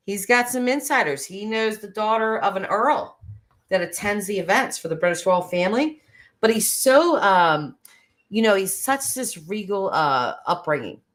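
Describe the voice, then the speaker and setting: Lively chatty woman host. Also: fairly low pitch. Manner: chatty, gushing, tangent-prone, laughs often. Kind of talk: casual livestream chat.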